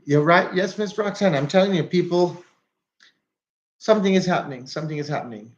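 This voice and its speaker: A man's voice: high-pitched, expressive, a little fast, lo-fi sound. Chatty Jamaican man livestreaming on a phone. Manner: chatty, repeats phrases, greets viewers by name. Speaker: livestream host. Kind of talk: casual livestream chat. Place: walking outdoors.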